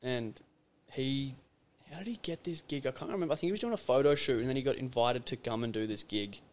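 A man's voice: medium pitch, fast. A young man, a podcast guest chatting casually and telling stories in a loose, rambling way. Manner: rambling, loose storytelling with many fillers. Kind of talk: casual conversation.

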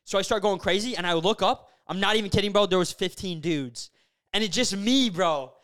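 A young male podcast host with a high, smooth and resonant voice. He tells a story in relaxed, animated chat and leans on casual fillers. His delivery is loose and conversational. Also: brisk. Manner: animated, filler-heavy storytelling with frequent "bro" and "like".

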